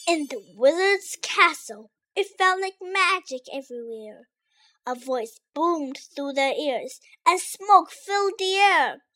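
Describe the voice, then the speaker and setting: A woman reading a rhyming storybook aloud in a lively, expressive way. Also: high voice, slow, low-quality recording.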